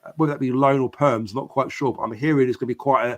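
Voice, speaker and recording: A man's voice: medium pitch, steady tone, racing, fairly bright tone. A man hosting a live football podcast, reading out viewers' comments and chatting back casually. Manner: chatty, reads out viewer comments and answers them. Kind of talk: casual live-stream chat.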